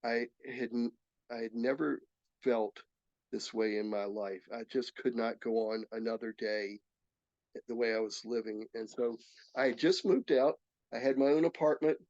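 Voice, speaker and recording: A man in his sixties sharing his recovery story in an earnest, halting way, often restarting his sentences. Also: medium pitch, fairly even intonation, a little mellow, dry recording. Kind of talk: personal testimony talk. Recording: slightly dull, dry recording.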